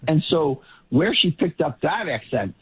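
A man's voice: on the high side, very animated, unhurried, slightly rough, phone-quality sound. A man on a political panel from the Boston area, talking in an emphatic casual way and repeating words as he builds each point. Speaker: political commentator guest.

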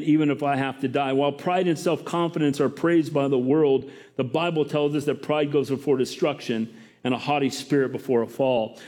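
Addressing his congregation head-on with questions, this pastor delivers a lively sermon in a voice on the high side.

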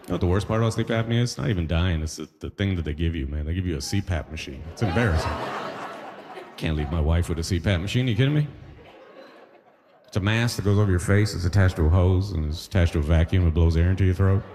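A man's voice: low-pitched, quick pace, warm tone, big-room sound, a little hiss or hum. A man from the Caribbean doing a stand-up comedy set, punchy and conversational, tossing rhetorical questions at the crowd.

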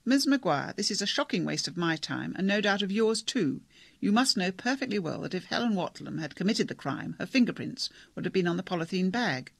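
Pompous doctor, declamatory and stern, gravelly and husky, read by a man. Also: high-pitched, big pitch swings, a little fast, a bit bright, dry recording, voice pushed up, heavily acted. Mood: indignant. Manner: declamatory, speechifying.

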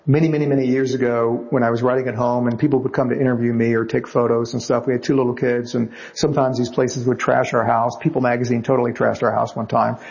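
Man, novelist guest, wry anecdotes, chatty, mid pitch, dull muffled audio. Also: level tone, fast, gravelly, hardly any pauses, darkish tone. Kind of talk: anecdotal storytelling.

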